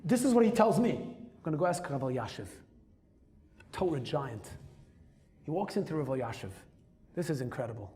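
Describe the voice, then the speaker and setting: A man telling a personal story as a rabbi, lively and emphatic, dropping Hebrew and Yiddish terms into his English. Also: on the high side, moderate pace, long pauses. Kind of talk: storytelling talk.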